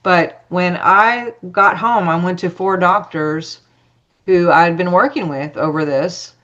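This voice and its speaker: A woman's voice: fairly low pitch, slow, a bit bright, highs cut off. A woman telling a personal story as a podcast guest, chatty, acting out dialogue with lots of fillers.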